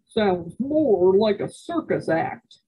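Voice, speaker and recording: A woman voicing a stern, skeptical frontier father who speaks slowly. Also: mid-range voice, sing-song, breathy edge, narrow, tinny audio, exaggerated voice. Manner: slow, clipped, stern.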